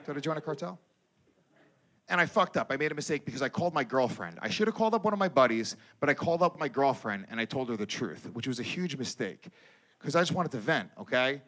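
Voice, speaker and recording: A man performing a stand-up comedy set on stage, telling a crude story in an animated way and breaking into loud impressions. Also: medium pitch, fast. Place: comedy stage before a live audience.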